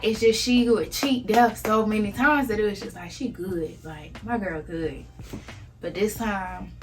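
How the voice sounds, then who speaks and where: Young Southern woman, bright candid voice. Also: medium pitch, rough recording. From Savannah, Georgia. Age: 20s. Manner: candid, conversational, drops to soft near-whispers at painful moments. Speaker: vlogger. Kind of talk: emotional personal storytelling.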